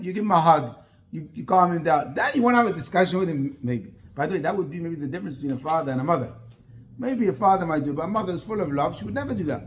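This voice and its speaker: Male rabbi, slightly raised pitch, animated teacher who quizzes the room. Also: very fast. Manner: animated, asks the class many rhetorical questions. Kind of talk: interactive Torah class.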